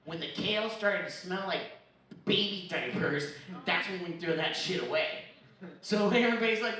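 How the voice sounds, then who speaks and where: A laughing crowd fills the background as a young woman, a storyteller comic, shares a crude, profane tale mocking herself at a live comedy storytelling show on a comedy bar stage. She speaks at a moderate pace in a lowish, fairly bright voice, captured from far off in an echoey room with crowd noise.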